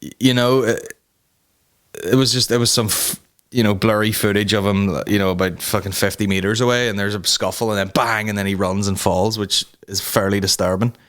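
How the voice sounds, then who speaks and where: A man's voice: fairly low pitch, steady tone, brisk, a bit bright. Sweary man ranting. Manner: heated, sweary, rambling with restarts. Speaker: podcast host. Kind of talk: ranting comedy podcast talk.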